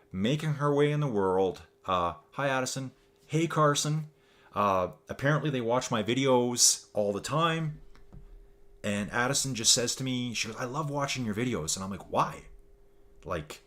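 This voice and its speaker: A chatty, upbeat Canadian man in his forties gives casual commentary on a virtual cycling race, often calling the audience "folks." His voice is medium-pitched and a bit bright.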